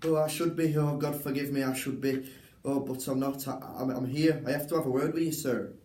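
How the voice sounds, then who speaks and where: A man's voice: mid-range voice, fairly even intonation, fairly quick, a little mellow, a little hiss or hum, lightly acted. A young man reading the part of a nervous, apologetic servant, stumbling as he reads. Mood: pleading. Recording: roomy, from far off.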